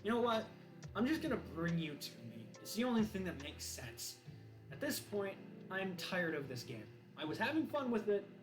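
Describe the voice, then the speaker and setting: A man voicing a taunting male serial killer dressed in black, talking with a smug calm. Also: high-pitched, moderate pace, over music, voice pushed up. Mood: weary.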